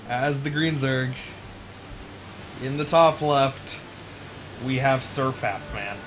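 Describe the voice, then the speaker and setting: A man's voice: mid-range voice, slow pace, pauses often, fairly bright tone, slight background noise, poor audio. A young man commentating a strategy game match casually, laughing easily and joking at his own expense. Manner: laughs easily, self-deprecating. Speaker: esports caster.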